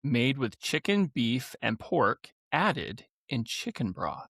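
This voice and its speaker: A man in his forties co-hosting a casual podcast chat, unhurried, reading food labels aloud. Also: mid-range voice, very animated, a bit bright, slightly rough, no echo, studio quality. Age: 40s. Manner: unhurried, reads labels aloud while eating. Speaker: podcast co-host.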